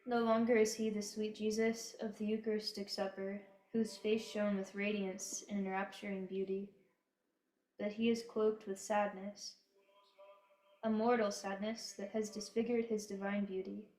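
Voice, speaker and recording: A woman giving a slow, solemn devotional reading in a prayerful, measured manner. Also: medium pitch, flat delivery, darkish tone. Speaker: devotional reader. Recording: echoey room.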